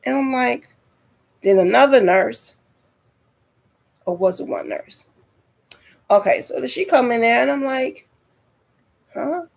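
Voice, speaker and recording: Woman doing a storytime vlog, slow and dramatic, talks right to the viewers, gravelly voice. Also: on the high side. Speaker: vlogger.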